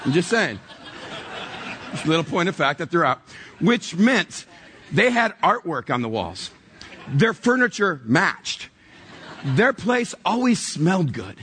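A middle-aged pastor tells stories from the church stage in a high, husky voice. He is animated and pokes fun at himself, acting out both sides of every conversation. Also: measured pace, long pauses. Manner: animated, self-mocking, acts out dialogue. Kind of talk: storytelling sermon. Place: church stage before a congregation.

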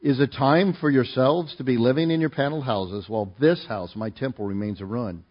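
A man's voice: medium pitch, brisk, dull audio. A man preaching a sermon, reading scripture verse by verse and explaining it in a conversational way, often asking his listeners to join in. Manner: conversational, asks the congregation to join in. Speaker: pastor.

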